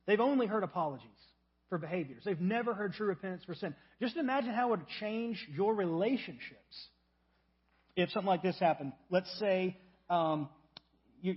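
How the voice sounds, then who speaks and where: A man preaching a sermon as a pastor, emphatic and repetitive, often dropping to a soft low voice for example prayers. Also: breathy edge, muffled recording. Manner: emphatic, repeats key phrases, drops to soft low tones for acted prayers.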